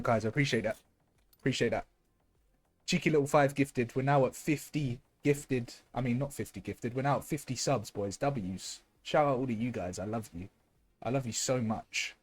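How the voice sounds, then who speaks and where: Shouting thanks to his viewers during a live esports match, a young male streamer and caster is loud and excited. His ordinary mid-pitch voice is going slightly hoarse from all the yelling as he loses it.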